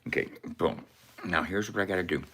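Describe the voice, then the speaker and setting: A man's voice: deep voice, a little fast, bright, forceful tone. A man in casual, profane chat who laughs and coughs between lines and walks the viewer through his screen step by step.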